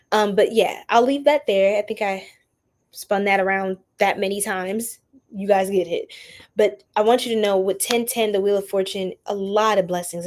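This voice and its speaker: A young adult woman hosting a tarot reading livestream, chatting casually with viewers in an animated, slangy way and laughing often. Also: mid-range voice. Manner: animated, laughing, preachy slang-filled asides. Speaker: tarot reader livestream host.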